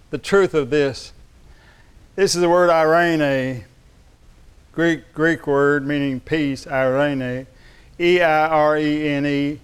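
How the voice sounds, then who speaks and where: A male pastor delivering a sermon in a clear, ringing voice. He speaks emphatically and keeps drawing the congregation in with calls to respond. His voice sits a little higher than most men's.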